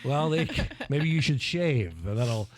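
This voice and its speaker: Expressive and mid-range, the voice belongs to a Philadelphia host doing playful morning-show banter. He's joking and theatrical, quick with his asides.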